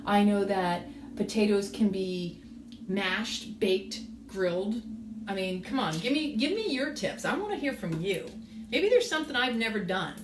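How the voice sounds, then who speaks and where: A woman's voice: mid-range voice, expressive, a little slow. Chatty woman rambling from across an echoey kitchen. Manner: rambling, storytelling, asks viewers for comments. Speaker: cooking show host. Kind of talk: casual chat to viewers while cooking. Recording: echoey room, mic far off, background noise.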